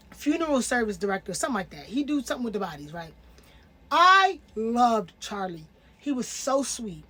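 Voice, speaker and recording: A young woman in her twenties talks through a reality show in loose, casual commentary. Her voice sits high and bright in pitch. She leans hard into emphasis and slang, never sounding scripted. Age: 20s. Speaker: reality TV reviewer.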